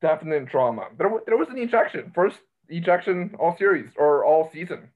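Rambling, excitable male podcast host, slightly high voice, phone-line quality. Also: brisk. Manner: rambling, excitable, self-interrupting. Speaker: college baseball podcast host. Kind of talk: casual sports chat. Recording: tinny phone-line sound.

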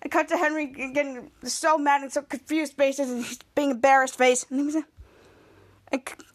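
A woman podcast host giving a casual, halting recap of a TV episode, full of restarts and repeats. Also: high voice, fairly even intonation, no room sound. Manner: halting, repetitive retelling with many restarts.

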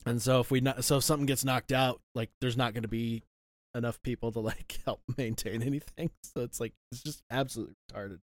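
A man in casual chat, relaxed and rambling, laughing easily. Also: medium pitch, fast talker.

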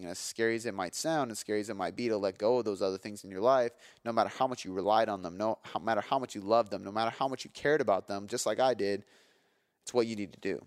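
Man, 30s, podcast host, low-pitched, energetic storytelling, emphatic, casual profanity, dry close sound. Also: no room sound. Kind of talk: candid storytelling.

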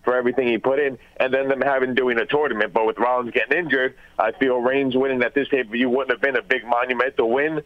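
A man's voice: medium pitch, little pitch movement, fast talker, hardly any pauses. A man calling in to a radio show, giving a long run-on explanation with fillers. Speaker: caller. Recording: lo-fi phone line.

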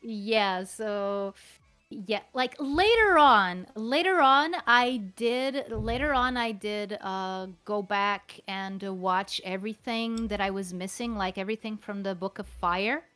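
A woman's voice: medium pitch, takes it slowly, a bit bright, faint music behind. A woman talking casually as a guest about dubbing work, often stopping to restart and repeat her phrases. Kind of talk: casual conversation.

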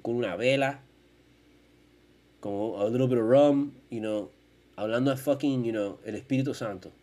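A man hosting a sports podcast, ranting in casual, profane, animated talk. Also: on the high side. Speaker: podcast host.

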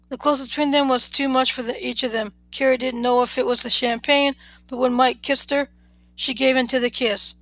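This is a podcast host reading a romance story aloud at an unhurried pace. The pitch sits in the middle of the range, and the recording is dry and close with no room sound. Small slips come through now and then in the plain, even read. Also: dry recording, low-quality recording.

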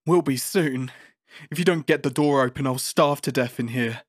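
A man's voice: medium pitch, moderate pace, no echo, clean studio sound, lightly acted. A man voicing a frightened, foul-mouthed male prisoner test subject who curses and pleads. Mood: bitter.

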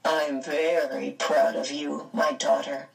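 A woman voicing a gentle, serious middle-aged father in a storybook, low and measured. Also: flat delivery, creaky, distant mic, full character voice. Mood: grave warmth.

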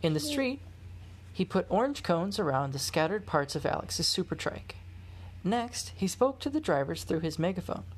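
A woman reading a children's storybook aloud, measured and expressive. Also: lowish voice, breathy edge. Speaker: storybook reader.

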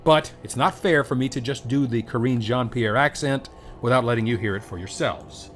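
A man's voice: medium pitch, moderate pace, a bit bright, faint music behind. A man hosting a political commentary monologue, scornful and emphatic, repeating words for effect.

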